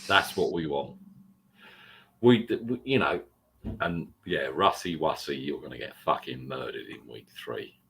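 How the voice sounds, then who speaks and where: A man's voice: a bass voice, a little slow, gravelly, fairly bright tone, slight background noise. A man hosting a casual sports podcast, blunt and joking, swearing freely. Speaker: podcast host.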